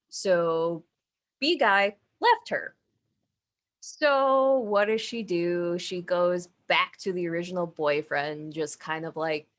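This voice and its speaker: Woman co-host, laid-back storyteller, expressive and swinging in pitch, quick to laugh, salty language. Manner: animated, laughing and swearing. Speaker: podcast co-host. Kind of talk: casual storytelling.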